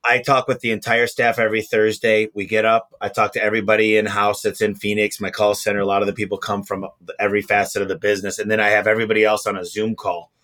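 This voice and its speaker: A man's voice: fairly low pitch, level tone, quick pace, hardly any pauses, a bit bright. A man talking bluntly and emphatically as a guest, a home service business owner speaking in a casual podcast conversation.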